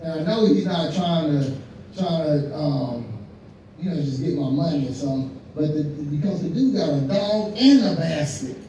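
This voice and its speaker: An older man telling a stand-up comedy story, animated and laughing at his own punchlines. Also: a little high, moderate pace, slight background noise. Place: American Legion hall, live show. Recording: echoey hall, mic heard from far.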